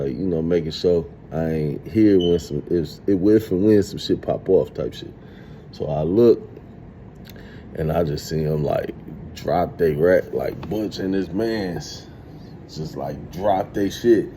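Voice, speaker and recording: A man in his thirties telling a streetwise, profane story in a casual, animated monologue. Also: low voice, unhurried, a little hiss or hum. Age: 30s. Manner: streetwise, profane, animated retelling with acted quotes.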